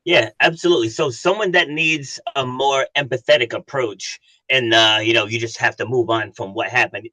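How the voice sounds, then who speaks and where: A man's voice: mid-range voice, moderate pace, few pauses, bright, forceful tone, no echo, poor audio. A man who works as a coach, a guest on a podcast, telling stories earnestly and acting out the dialogue in them. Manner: earnest storyteller, acts out dialogue. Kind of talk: casual interview chat.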